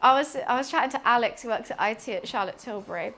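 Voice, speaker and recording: A young British woman streaming from her kitchen while she cooks, telling rambling, excitable stories and laughing often. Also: fairly high pitch, quick pace. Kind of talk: casual chat while cooking on a livestream.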